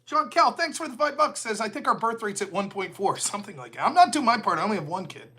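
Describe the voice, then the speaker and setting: Sarcastic, animated male political commentator. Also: sits high, quick pace. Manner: sarcastic, mocking, mimics opponents in put-on voices. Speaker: political commentary show host. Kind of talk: live-stream commentary reading viewer donations.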